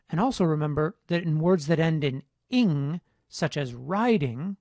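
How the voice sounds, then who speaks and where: A man delivers a phonetics lesson in a measured, exact way, his voice sitting a little high. The sound is close and dry, with no room around it. He spells out each point with steady care. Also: no room sound. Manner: measured, precise, explanatory. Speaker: phonetics instructor. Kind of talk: scripted lecture narration.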